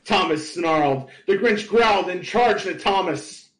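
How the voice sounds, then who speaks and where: A man's voice: sits high, expressive, a little slow, fairly bright tone. Man narrating with a laugh, echoey hall. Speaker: podcast host. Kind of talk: comic live reading of fan fiction. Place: convention panel room.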